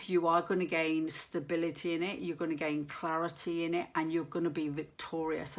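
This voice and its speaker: A woman with a fairly low voice reads tarot cards for her viewers. She talks earnestly and loosely, wandering through her thoughts and stopping to hunt for the right word. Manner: earnest, meandering, searches for words aloud. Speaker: tarot reader. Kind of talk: monthly tarot reading for viewers.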